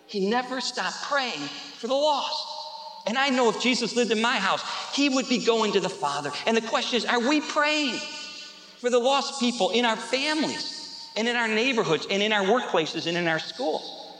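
A man preaching a sermon as a pastor, telling stories with animated energy and shouting at the peaks. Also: very high-pitched, moderate pace. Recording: echoey hall.

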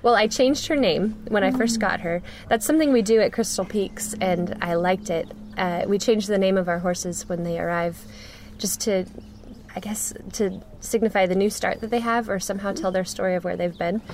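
A woman speaking as an interview guest, telling a personal story earnestly with frequent pauses and restarts. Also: medium pitch, noisy background. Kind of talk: conversational storytelling.

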